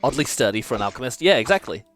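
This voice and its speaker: A man gives casual commentary while playing a game on stream, playful and loose-tongued, swearing freely and musing aloud. His ordinary mid-pitched voice leaps around expressively, very animated and racing. Soft music plays faintly in the background.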